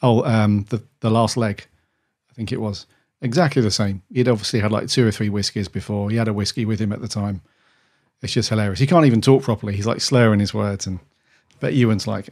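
Chatty lower-voiced man. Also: steady tone, brisk, darkish tone. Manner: rambling, chatty, many restarts. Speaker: podcast co-host. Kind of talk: casual chat.

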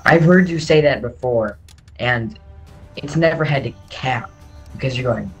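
A laid-back player drawls slowly through casual banter with a friend, teasing and unhurried. The talk comes over a desk mic with faint game music in the background. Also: mid-range voice, a bit bright, low-quality recording. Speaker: gamer, co-host. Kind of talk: casual banter while gaming. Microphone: desk mic, voice chat.

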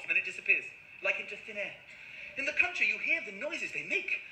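A man performing an animated stand-up comedy routine on stage, acting out noises and voices. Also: high voice, fast talker, reverberant, low-quality recording.

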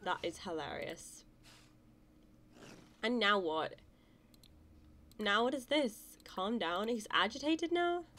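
A woman giving casual let's-play commentary, excitable and gushing, cooing over cute animals. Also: medium pitch, slow pace, long pauses, a little hiss or hum. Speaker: gaming channel host.

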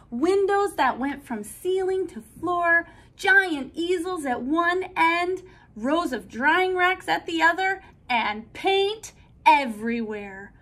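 A woman reading a children's storybook aloud with an expressive, careful delivery. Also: high-pitched.

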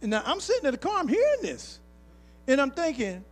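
High-voiced pastor preaching with swing. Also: male voice, wildly swooping pitch, brisk, faint music behind. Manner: preacher's call-and-response, folksy, rising to emphatic. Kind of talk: sermon with personal stories. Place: church sanctuary.

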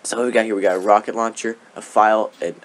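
A man's voice: on the low side, steady tone, fast talker. A young man giving casual, rambling gameplay commentary, giggling often and tossing in sarcastic asides. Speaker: let's play gamer.

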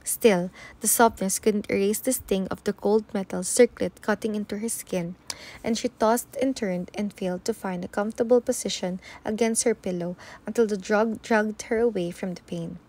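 A woman reading a novel aloud in a steady, even narration. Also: medium pitch, normal speed. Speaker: audiobook reader.

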